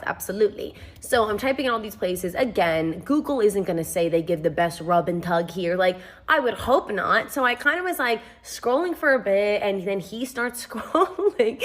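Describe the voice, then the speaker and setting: A woman telling a casual storytime with wry, deadpan asides and animated quoted replies. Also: mid-range voice, fairly quick.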